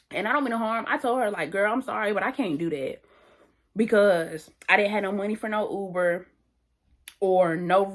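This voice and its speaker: A young woman tells a wild night-out story to her viewers in a loose, slangy way. She is animated and repeats phrases for emphasis. Her pitch sits in an ordinary middle range. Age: young adult. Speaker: vlogger. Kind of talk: casual storytime.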